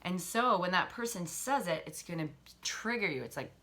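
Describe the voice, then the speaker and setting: Woman coach talkin straight, lowish voice, bright and forceful, swears n laughs a lot. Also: lively intonation, moderate pace. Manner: candid, swears freely, laughs often, acts out harsh inner voices. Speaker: relationship coach. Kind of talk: casual motivational talk.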